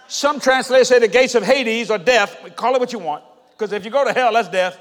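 High-voiced preacher in a reverberant hall. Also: male voice, lively intonation, moderate pace. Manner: swings from low murmurs to shouted exhortations. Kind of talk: sermon.

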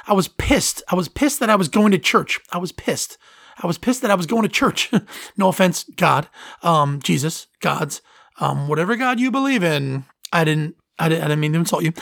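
A man's voice: on the high side, gravelly, a bit bright, no echo, clean studio sound. A man hosting a solo podcast in casual talk, earnest and sentimental, rambling and often interrupting himself. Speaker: podcast host.

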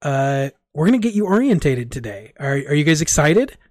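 A man's voice: fairly high pitch, sing-song, normal speed, no room sound, studio quality. A man voicing an eager male training coach who keeps a chirpy, cheerleading manner. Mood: cheerful.

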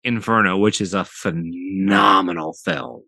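A man's voice: low voice, unhurried, vocal fry, no echo. A man co-hosting a podcast, chatting casually and emphatically about a film, often repeating words as he gets worked up. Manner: animated, emphatic, repeats words when excited. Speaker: podcast co-host. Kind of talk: casual film-review chat.

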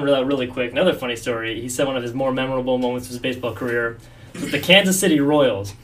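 A man's voice: medium pitch, fairly bright tone, distant mic. A man co-hosting a casual sports podcast, telling stories animatedly and acting out the quotes. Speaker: podcast co-host.

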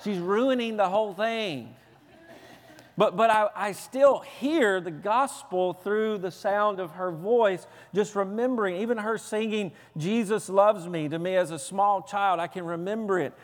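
High-voiced pastor preaching in a reverberant hall. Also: male voice, measured pace, hardly any pauses. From Southern United States. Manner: earnest, personal storytelling. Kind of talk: sermon. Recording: long reverb of a large hall.

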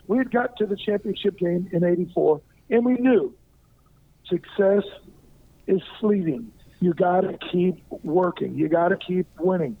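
An older man from Arkansas, a former pro football player, telling a lively story as an interview guest and acting out what people said. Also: high-pitched. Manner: lively anecdotal storyteller who acts out quoted lines. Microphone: phone. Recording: tinny phone line.

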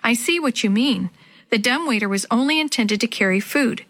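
A woman voicing a young girl who plans calmly and takes charge. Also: on the high side, fairly quick, no echo. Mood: steady. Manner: level and decisive. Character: young girl, practical and steady leader.

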